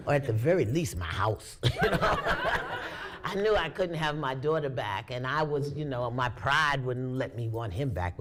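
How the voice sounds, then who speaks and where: Woman guest, testimony storytelling, lively rising and falling voice, unhurried, laughing, hushed at times. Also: low voice. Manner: animated, laughing, acting out her own inner voice; drops to hushed near-whispers at tender moments. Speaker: talk show guest.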